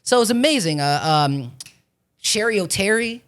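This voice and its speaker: A man in his forties from Florida, an actor talking as a podcast guest in a casual, animated way, swearing often as he tells stories. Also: high voice, moderate pace, smooth. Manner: profane, animated storytelling with frequent swearing. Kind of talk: casual chat.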